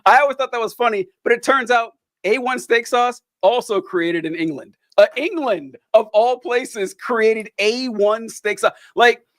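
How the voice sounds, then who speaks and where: High-voiced man telling stories. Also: measured pace, hardly any pauses, no echo. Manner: animated storyteller, laughs often. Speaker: host. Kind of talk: casual chat.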